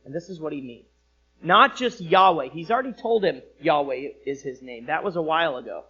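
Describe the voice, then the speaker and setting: A man preaching a sermon as pastor, with expressive delivery that rises for emphasis and drops low. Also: fairly quick, slightly rough, highs cut off. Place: church sanctuary.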